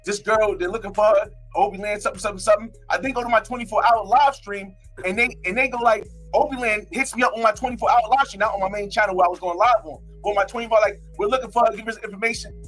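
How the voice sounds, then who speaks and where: A brash young man from North New Jersey tells a story at a quick clip, his voice sitting fairly high and a little husky. He repeats himself and acts out his own lines as a live streamer. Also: a bit bright, faint music behind. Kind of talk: casual storytime.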